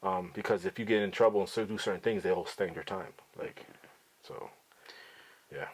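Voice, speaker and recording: With a low voice that has a breathy edge, this middle-aged podcast host speaks at a moderate pace. He tells stories to his son casually, outspoken, blunt and full of profanity.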